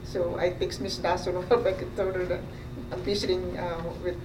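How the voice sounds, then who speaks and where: A woman from the congregation sharing a story with the pastor in a halting way, full of fillers; she is not an English speaker. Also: fairly low pitch, flat delivery, roomy sound, distant mic, noisy background.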